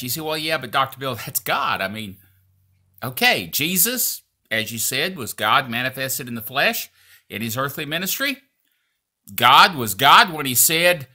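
Male preacher and podcast host, bright, animated sermon delivery. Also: fairly high pitch. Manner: lively, emphatic, with frequent fillers and restarts. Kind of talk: sermon teaching.

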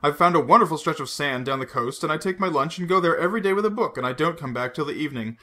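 A man reading aloud voices an earnest young woman who talks softly and pleads gently. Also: fairly high pitch, expressive, fast. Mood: cheerful.

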